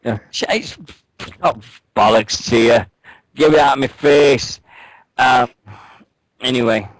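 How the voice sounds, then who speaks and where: A man's voice: medium pitch, takes it slowly, no room sound, rough recording. A man co-hosting a wrestling radio show, bantering casually, joking and swearing as he rambles through stories.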